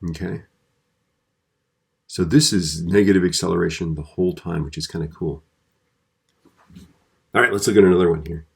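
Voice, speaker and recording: A man's voice: low voice, normal speed, creaky, long pauses, a little mellow, breathy edge. A man teaching a physics video lesson in a conversational way, often checking in with the listener.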